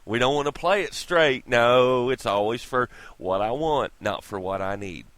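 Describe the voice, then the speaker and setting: A man's voice: medium pitch, lively intonation, normal speed, a bit bright, no room sound. A man ranting in a vlog, irritated, profane and sarcastic, talking close to the mic. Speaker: vlogger. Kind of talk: profane opinion rant.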